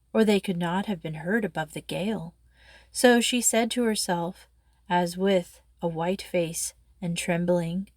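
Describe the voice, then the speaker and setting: A woman reading a true story aloud in a measured, expressive way. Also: on the low side, dry recording, clean studio sound.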